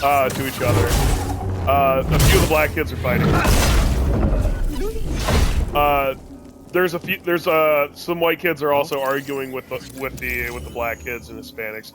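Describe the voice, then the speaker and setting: A young adult man streaming a game, telling a rambling, profane story in a casual, animated way. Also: mid-range voice, normal speed, long pauses. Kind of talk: casual storytelling while gaming. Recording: game music under voice. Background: game music.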